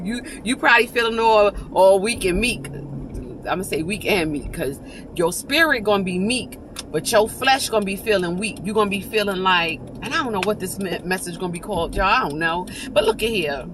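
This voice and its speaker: A woman delivers an off-the-cuff devotional message, fervent and conversational, with a middle-range voice. She keeps stopping to restart and to address her listeners directly. Constant vehicle hum sits clearly under the recording. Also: medium pitch, normal speed. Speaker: preacher sharing an encouraging message with viewers. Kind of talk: informal devotional talk to camera.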